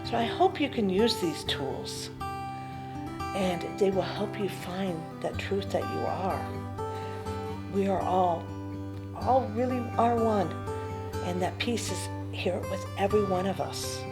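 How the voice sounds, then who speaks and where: A woman giving a gentle spiritual teaching talk, unhurried and often sinking to a hushed near-whisper. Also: mid-range voice, over loud music.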